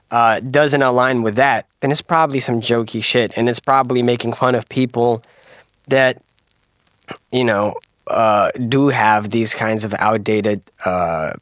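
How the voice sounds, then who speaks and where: A man co-hosting a casual podcast, talking in quick animated bursts with slang and swearing. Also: mid-range voice, no echo, studio quality. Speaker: podcast co-host.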